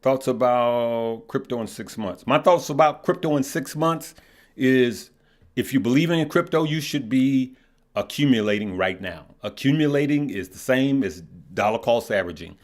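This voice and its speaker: A middle-aged man hosts a live market chat in an easy, rambling way. His voice sits at an ordinary middle pitch. He restarts phrases and keeps asking his viewers "right?". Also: moderate pace. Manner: loose and conversational, repeats words, lots of "right?" and "okay?". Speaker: stock market show host. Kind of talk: casual live-stream chat reading viewer comments.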